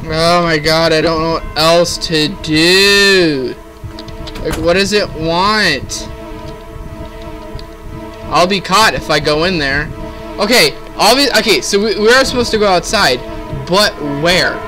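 A man's voice: on the high side, slow, music in the background. Exasperated young man swearing at a game. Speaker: gaming video host. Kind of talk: let's play commentary.

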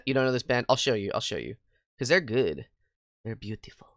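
A woman livestreaming a game, chatting with viewers in a bubbly, goofy way, jumping between squeals and quiet mutters. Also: very deep voice, sing-song, a little fast, no room sound, studio quality. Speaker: VTuber game streamer. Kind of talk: casual livestream chat with viewers. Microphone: headset mic. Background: faint game music.

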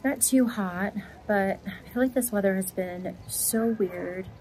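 A woman's voice: mid-range voice, unhurried, warm tone. A woman vlogging for her fitness channel in a casual, upbeat, chatty way, talking straight to her viewers on a phone camera. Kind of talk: casual vlog talk. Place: kitchen, then a gym. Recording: echoey room with background noise.

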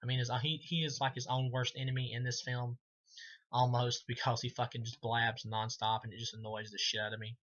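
A man rambles through a movie review, swearing freely and leaning on fillers as he goes. His voice sits at an average pitch with a bright, edgy tone. The recording sounds dull and lo-fi. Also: flat delivery, fairly quick. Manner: rambling, heavy swearing, frequent fillers, laughs at his own jokes. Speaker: film reviewer. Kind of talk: casual profane movie review.

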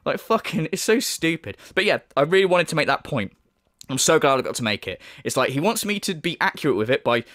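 A man rants in angry commentary, swearing and mocking in a high, swooping voice. The sound is close and dry. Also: expressive, a little fast, fairly bright tone, dry recording. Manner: heated, profane, sarcastic ranting. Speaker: YouTube commentator.

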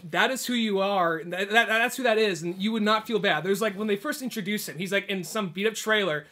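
Young male podcast host, high and bright voice, animated casual storyteller. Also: a little fast. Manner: animated storyteller, acts out game characters' lines. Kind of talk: casual chat.

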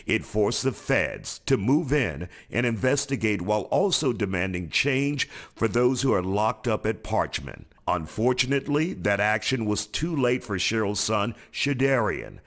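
Male American news anchor, low voice, animated scripted read. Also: unhurried, few pauses.

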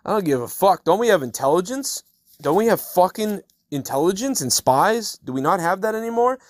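A man's voice: high-pitched, expressive, fairly quick, dry recording, clean studio sound. Furious profane man ranting alone. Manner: angry, swearing nonstop, rising to loud outbursts. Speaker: podcast host. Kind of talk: profane solo rant.

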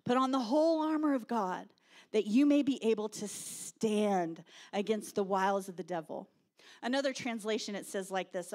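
A woman pastor, preaching a sermon with animated storytelling and shouted quotes. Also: medium pitch.

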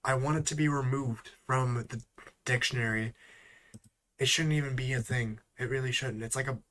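A man chatting casually in a vlog, sighing and growing exasperated as he repeats words slowly. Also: medium pitch, fairly even intonation, a bit bright. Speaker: YouTuber.

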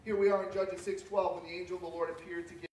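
A middle-aged male pastor preaching with a notably high voice, rising from relaxed storytelling into loud, ringing calls. He is picked up by a cellphone some way off, so the sound is roomy, with a faint hum of ambience behind him. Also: racing. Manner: builds to loud, high-pitched preaching peaks. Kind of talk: sermon. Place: church sanctuary. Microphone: cellphone from a distance. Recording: echoey cellphone livestream from far off.

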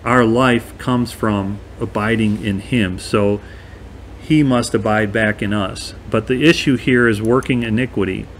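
A man's voice: lowish voice, fairly even intonation, measured pace, slight background noise. A man teaching a verse-by-verse bible study in a conversational, emphatic way, often checking in with his listeners.

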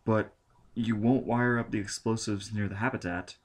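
An anxious, irritable man, read by a male narrator, speaks in an urgent, edgy way. The voice is on the low side. It is an audiobook reading. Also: steady tone, moderate pace, close to an everyday voice.

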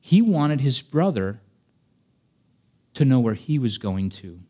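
A pastor preaching with earnest conviction, his voice sitting at an ordinary middle pitch. He climbs to emphatic, raised passages, then drops low and soft when he tells a personal story. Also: sing-song, takes it slowly. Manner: earnest preaching, rising to emphatic peaks, dropping soft for stories. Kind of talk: sermon.

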